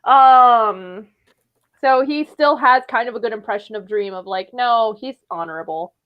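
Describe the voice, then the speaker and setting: Woman, high voice, swears a lot, rambling jokey chat, casual stream. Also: a little slow, smooth, highs cut off. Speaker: fan fiction writer on stream.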